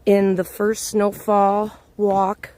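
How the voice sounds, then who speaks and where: A woman's voice: medium pitch, completely flat delivery, slow pace, dark tone, a little hiss or hum. A woman hosting a live-stream walking tour outdoors, chatting and greeting viewers by name as she films on a handheld phone. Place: outdoors on a snowy city walk.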